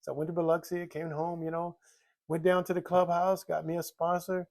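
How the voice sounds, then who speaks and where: Older man with a gravelly voice sharing his recovery testimony, rambling and candid. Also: on the high side, flat delivery, brisk, a little mellow. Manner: rambling, many "you know" fillers, acts out quoted voices. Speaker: recovering alcoholic telling his story.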